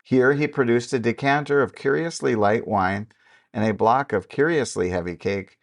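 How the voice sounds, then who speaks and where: A man narrating a classic novel as an audiobook, with steady, even-paced storytelling. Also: medium pitch, normal speed, vocal fry.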